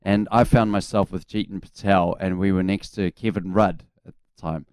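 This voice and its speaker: Low-voiced New Zealand ex-cricketer telling stories. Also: male voice, normal speed, smooth, dry recording, clean studio sound. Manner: relaxed anecdotal storytelling with fillers. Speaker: former cricketer, radio guest. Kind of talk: casual radio chat.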